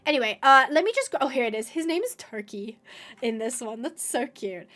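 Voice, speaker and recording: A woman hosting a gameplay video, chatting casually to viewers, thinking aloud with excited gasps and asides. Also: sits high, brisk. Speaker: gaming video host.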